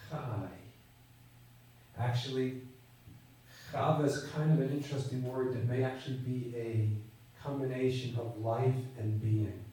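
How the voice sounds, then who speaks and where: A man's voice: medium pitch, dark tone, slight background noise. A man teaching a Bible class to a live audience, carefully explaining the meaning of words one at a time. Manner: deliberate, explaining word by word. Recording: roomy, recorded from a distance.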